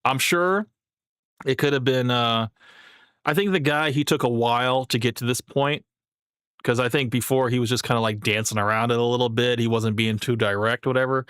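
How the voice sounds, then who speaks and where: A man's voice: medium pitch, fairly even intonation, normal speed, a bit bright, clear, resonant tone, dry recording, studio quality. A young man casually commenting on a clip he is watching, rambling and laughing often. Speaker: streamer reacting to clips.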